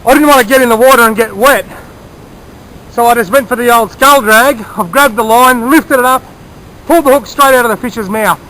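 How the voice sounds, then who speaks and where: A man's voice: extremely high pitch, brisk, sharp tone, slight background noise, poor audio. A man chatting enthusiastically as he fishes by a small creek outdoors, explaining his gear and sharing tips. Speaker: fishing vlogger. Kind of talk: casual outdoor narration.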